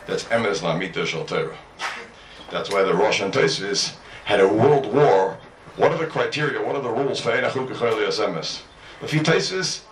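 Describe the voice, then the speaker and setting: Animated man teaching a Talmud class. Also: mid-range voice, a little hiss or hum. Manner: animated, fires rhetorical questions at the class; mixes English with Hebrew and Aramaic study terms. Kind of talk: Talmud lesson to students. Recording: roomy echo, mic at a distance.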